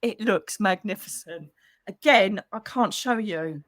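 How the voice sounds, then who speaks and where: A middle-aged woman with a British accent, a psychic medium hosting a casual livestream for members, chatty and animated with quick asides, speaking into a computer mic. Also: medium pitch, no echo, clean studio sound. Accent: British English. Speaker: psychic medium and channel host.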